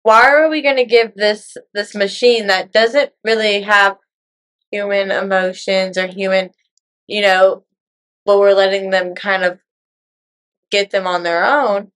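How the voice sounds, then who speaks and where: A woman's voice: medium pitch, steady tone, a little slow, a bit bright. A woman joining a friend in casual chat, asking questions and wondering aloud. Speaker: co-host friend.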